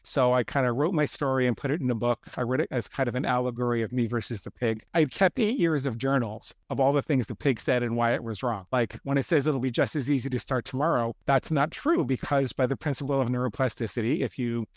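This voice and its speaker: A man in his fifties, a guest author, telling his story in a brisk, self-deprecating way. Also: medium pitch, no room sound, clean studio sound. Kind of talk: storytelling interview talk.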